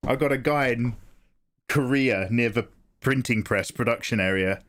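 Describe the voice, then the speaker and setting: A man's voice: mid-range voice, normal speed, fairly bright tone, lightly acted. A man putting on a Welsh-accented wheedling dealer. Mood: coaxing. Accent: mock Welsh. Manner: wheedling, calls the listener baby and sugar. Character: smooth-talking male drug dealer, pushy and coaxing.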